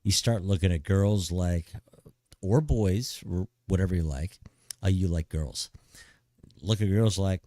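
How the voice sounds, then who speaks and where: A man's voice: low-pitched, measured pace, warm tone, no echo, clean studio sound. A middle-aged man streaming live, giving blunt, profane big-brother advice in a laid-back way and saying "dude" constantly. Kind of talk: casual live-stream chat.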